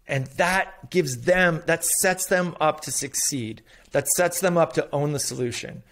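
A man's voice: a little high, unhurried, few pauses, a bit bright. A middle-aged man speaking as an investor guest in a casual interview, candid and profane, acting out little quotes with the occasional sigh.

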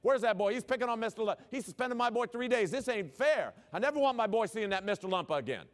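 A man's voice: sits high, animated, fast, long reverb tail, voice pushed up. A man doing a big, blustering, ranting father. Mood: indignant ranting. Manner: loud, ranting complaints in short repeated phrases. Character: blustering, intimidating father storming into a school, yelling.

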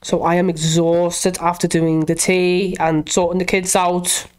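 A young woman, a gaming YouTuber, chats and reacts casually while playing a horror game, talking to herself and shrieking when scared. Her voice is low-pitched and a little mellow, delivered flatly at a measured pace, with slight background noise.

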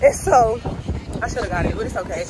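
A woman in her twenties filming a casual travel vlog on her phone, chatty and excitable, talking straight to her viewers outdoors. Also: a little high, brisk. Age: 20s. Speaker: vlogger. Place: outdoors in a busy tourist area. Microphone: phone camera held by the vlogger. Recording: loud crowd and street noise.

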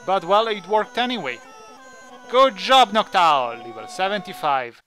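A man who is not a native English speaker chats his way through a let's play, joking and thinking aloud. His voice is bright and swings up and down with excitement. Game music plays faintly behind him. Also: sits high, unhurried. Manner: chatty, jokey, thinks aloud. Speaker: gaming channel host.

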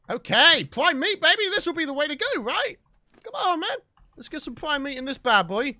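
High, excitable man gaming. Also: no room sound. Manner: shouty, exclaiming, jokey insults at his pets. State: losing his voice. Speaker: gaming channel host. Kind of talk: excitable gameplay commentary. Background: game background music.

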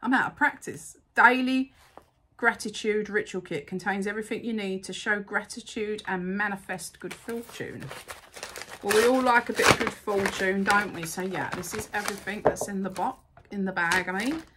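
A woman's voice: mid-range voice, steady tone, moderate pace, sharp tone, slight background noise. A woman chatting casually as she unboxes items at home, gushing over how cute everything is. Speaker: unboxing vlogger.

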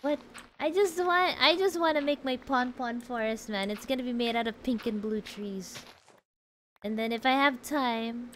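A woman's voice: a little high, normal speed, a little hiss or hum, poor audio. A woman streaming a game, chatting casually, answering chat and laughing often.

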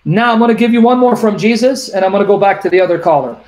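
Male call-in host, fairly high voice, insistent, drills each verse slowly. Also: a little mellow. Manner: emphatic, repeats references, reads verses slowly. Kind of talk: call-in debate on scripture.

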